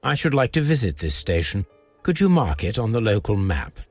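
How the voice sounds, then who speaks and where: A man's voice: lowish voice, sing-song, moderate pace, husky, no echo, soft background music. A man voicing Sherlock Holmes in a video game, formal and courteous as he questions people. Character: Sherlock Holmes, formal poised male detective.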